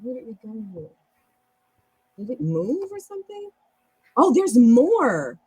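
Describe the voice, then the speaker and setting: A woman's voice: fairly high pitch, huge pitch swings, unhurried, darkish tone, breathy edge, poor audio. A woman hosting a language club, teaching in a chatty, encouraging, long-winded way on a casual live stream.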